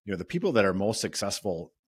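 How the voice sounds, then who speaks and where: A man hosting a podcast who asks questions quickly, with many fillers. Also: on the low side, sing-song, breathy edge, dry recording, clean studio sound. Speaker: podcast host. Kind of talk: interview questions.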